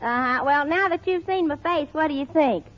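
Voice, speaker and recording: A woman's voice: high voice, normal speed, close to an everyday voice. A woman playing a cheerful, naive country girl in a 1940s radio comedy, talking in folksy rural slang and giggling. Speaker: show star. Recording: muffled old radio broadcast, studio audience.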